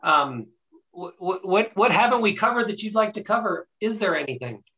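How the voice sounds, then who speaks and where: A man's voice: sits high, expressive, normal speed, pushed and bright, rough recording. A man hosting a podcast interview, enthusiastic, asking long rambling questions full of restarts. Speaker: podcast host. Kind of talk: casual interview talk.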